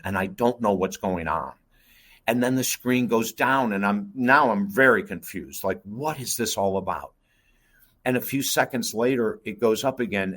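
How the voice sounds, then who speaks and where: Earnest low-voiced man telling a story. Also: a bit bright. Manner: earnest, intense, addresses host by name. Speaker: guest, life coach. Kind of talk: emotional personal storytelling.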